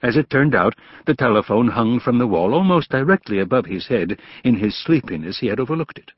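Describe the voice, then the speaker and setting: Man reading a classic novel, lively pitch, husky, dry dull sound. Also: no echo. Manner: measured, expressive storytelling. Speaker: audiobook narrator. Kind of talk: scripted narration.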